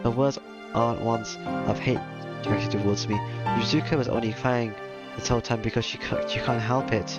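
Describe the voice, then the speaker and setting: Man, reading a visual novel aloud, steady narration, medium pitch, muffled lo-fi audio. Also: moderate pace. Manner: steady first-person narration. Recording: slightly dull lo-fi mic, game music behind. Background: game music.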